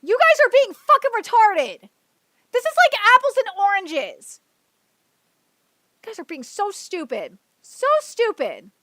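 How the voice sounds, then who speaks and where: A woman's voice: very high voice, sing-song, measured pace, fairly bright tone, no room sound. A woman hosting a livestream, ranting heatedly and profanely, rambling with restarts and fillers. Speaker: livestream host. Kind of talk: livestream commentary rant.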